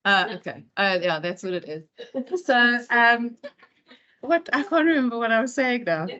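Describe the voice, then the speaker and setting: A woman's voice: fairly high pitch, animated, normal speed, bright, forceful tone, muffled recording. A woman speaker giving a chatty talk at an in-person event, full of fillers and asides. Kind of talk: conference talk.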